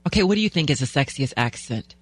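A woman from North Carolina co-hosting a talk radio show, chatty and quick to laugh. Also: low-pitched, lively intonation, slightly rough. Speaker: fill-in radio co-host. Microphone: studio broadcast mic.

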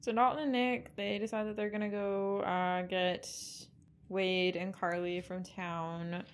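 A woman's voice: medium pitch, flat delivery, measured pace. A woman co-hosting a casual film recap, chatty and sardonic, swearing freely. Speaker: podcast co-host.

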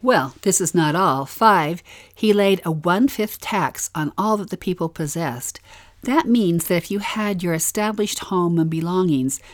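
A woman co-hosts a scripture lesson podcast. Her voice is notably deep for a woman, and she speaks in an inquisitive, reflective way, asking questions as she lays out the background. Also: animated, measured pace. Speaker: podcast co-host.

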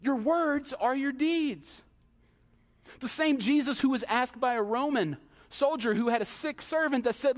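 A male pastor preaching a sermon in a church, emphatic, with rhetorical questions and quick acted-out asides. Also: very high-pitched, animated. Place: church hall. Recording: long hall reverb.

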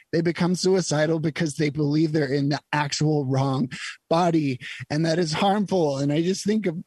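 A man's voice: on the high side, a little mellow, husky, dry recording. A man hosting a podcast, delivering an impassioned, emphatic and emotional political monologue. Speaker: podcast host. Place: Utah.

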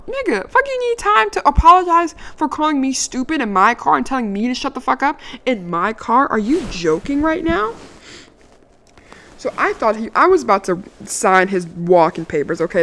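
A young adult woman telling a dating story in a casual, brash and profane way, her voice jumping higher when she gets indignant. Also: normal speed. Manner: lively, climbs high when indignant.

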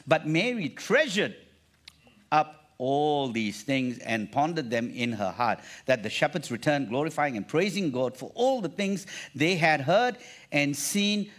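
Male pastor, lively, slightly higher voice, preaching energetically with call-and-response. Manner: animated, repeats phrases, calls for congregation response. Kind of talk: sermon.

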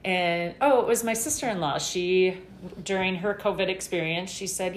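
A woman's voice: lowish voice, moderate pace, reverberant, a little hiss or hum. A middle-aged woman guest talking candidly in a casual interview, rambling a little with fillers.

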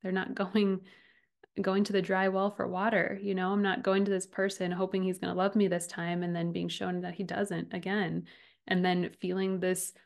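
A woman in her thirties delivers a heartfelt podcast monologue, earnest and personal. Her voice sits a little low and carries a gravelly, fry-laden edge. She laughs softly now and then as she talks. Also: flat delivery, moderate pace. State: getting emotional. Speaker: podcast host and relationship coach.

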